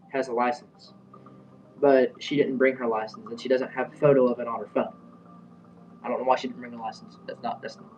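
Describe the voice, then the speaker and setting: A young man tells a story in a loose, rambling way, full of fillers and restarts. His voice sits at a middling pitch. The sound is dull and a bit distant from the mic. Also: a little mellow, a little hiss or hum. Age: young adult. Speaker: vlogger. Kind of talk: casual storytelling.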